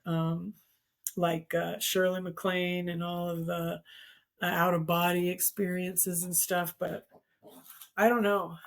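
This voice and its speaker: A woman's voice: medium pitch, creaky, a bit bright. A middle-aged woman hosting a casual conversation, telling a personal story with many restarts. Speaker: host.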